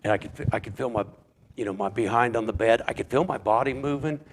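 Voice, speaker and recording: A man telling his personal testimony in a halting way, stumbling over words and repeating them as he searches for what to say. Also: mid-range voice. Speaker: church member giving a testimony.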